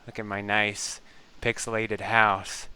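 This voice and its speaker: A man's voice: fairly low pitch, flat delivery, takes it slowly, sharp tone, clean tone. A man giving casual let's-play commentary close to a desk microphone, rambling with self-deprecating asides and breathing audibly into the mic. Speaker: game commentator.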